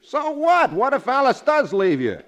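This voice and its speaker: A man's voice: very high-pitched, wildly swooping pitch, normal speed, fairly bright tone, heavily acted. An actor playing a cocky, wisecracking male sidekick in a 1940s radio comedy. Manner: cocky, needling, jokey. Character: wisecracking brash male sidekick, a loafing secretary. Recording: old radio broadcast.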